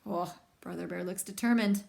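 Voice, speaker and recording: A young woman reading a children's picture book aloud, with lively, chatty asides to young listeners. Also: fairly low pitch, moderate pace, gravelly. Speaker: storybook reader.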